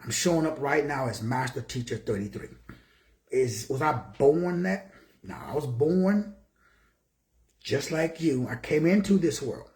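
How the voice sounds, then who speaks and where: Expressive and unhurried, a medium-pitched, slightly mellow voice fills an echoey room. It belongs to a Texas motivational speaker in his sixties who talks from his office, greeting viewers by name and preaching through rhetorical questions.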